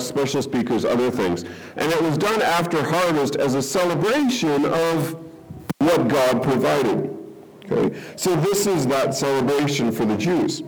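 A man delivering a conversational Bible-teaching sermon, often checking whether listeners follow. His voice sits a bit high and swings widely in pitch. He leans on rhetorical questions to pull the room along. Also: a little mellow, poor audio.

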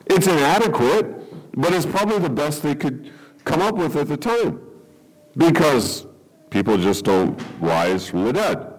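Animated preacher with a lively voice. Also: male voice, a little high, measured pace, low-quality recording. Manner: explains a Bible passage, checks in with frequent "okay?" and chuckles. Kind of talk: sermon teaching.

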